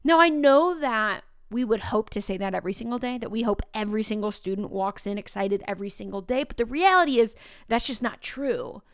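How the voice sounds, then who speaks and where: A woman's voice: on the high side, lively intonation, a little fast, smooth, dry recording, clean studio sound. A woman teacher talking casually and telling upbeat classroom stories. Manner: upbeat, storytelling. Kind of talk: casual podcast talk.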